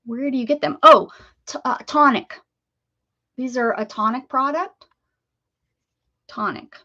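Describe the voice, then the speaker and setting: Chatty woman crafting live, slightly high voice. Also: unhurried, pushed and bright, dull audio. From Pittsburgh area, US. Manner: chatty, greets viewers by name, rambles while working. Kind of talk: casual live-stream chat while crafting.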